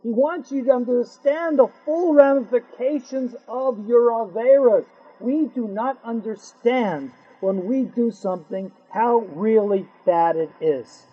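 A man with an unusually high, husky voice teaching an animated Torah class. He fires off rhetorical questions, acts out bits of dialogue and mixes in Hebrew and Yiddish terms. The recording sounds dull and lo-fi. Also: unhurried.

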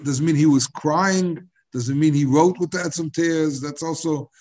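A man teaching a Talmud class, halting and repeating words as he searches for them. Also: fairly high pitch, a little mellow.

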